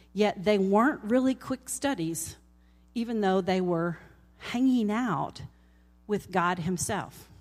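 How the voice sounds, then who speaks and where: Female Bible teacher, chatty delivery, lively scripture reading, long hall reverb. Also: lowish voice. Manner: casual, conversational, reads scripture with animated emphasis.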